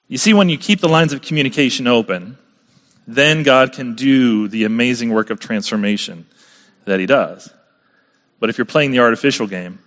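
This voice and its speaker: A man delivers a sermon in a relaxed, conversational style, often asking the listeners questions. His mid-range voice carries a long reverb, as if from a large sanctuary. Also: medium pitch. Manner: conversational preaching with rhetorical questions. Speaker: pastor.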